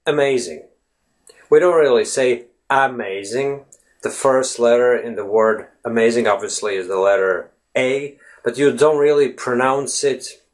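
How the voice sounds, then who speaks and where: Chatty man teaching pronunciation. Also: mid-range voice. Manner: talkative, often tags sentences with "right?". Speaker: English fluency teacher. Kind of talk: casual video lesson to camera.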